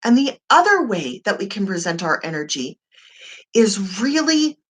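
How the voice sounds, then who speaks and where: A woman's voice: medium pitch, big pitch swings, normal speed, husky. A woman life coach giving an emphatic, encouraging motivational talk to camera, full of rhetorical questions.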